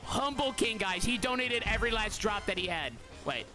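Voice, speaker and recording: Over background music, a high-pitched young streamer speaks at a normal speed while hosting a live game tournament. He addresses his chat with excitement, says "guys" again and again, and yells when caught off guard.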